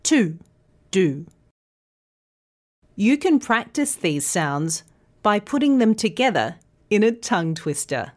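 A woman teaching English pronunciation in a scripted podcast lesson, articulating slowly and carefully. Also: mid-range voice, big pitch swings. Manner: slow, clear, careful articulation.

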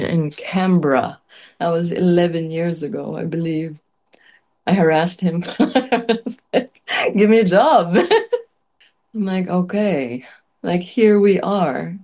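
A woman with a somewhat low voice tells her life story in a loose, chatty way. She fills her talk with "like" and "um" and laughs lightly between phrases, her voice wavering at times as tears come. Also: slow, mellow. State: tearful at times. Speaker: chef, interview guest. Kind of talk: emotional personal storytelling.

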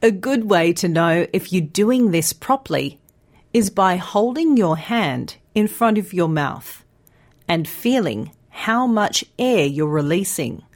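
A woman teaching English pronunciation in a scripted podcast lesson, speaking slowly and enunciating every sound carefully. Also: fairly low pitch, lively intonation. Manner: slow, clear, carefully enunciated.

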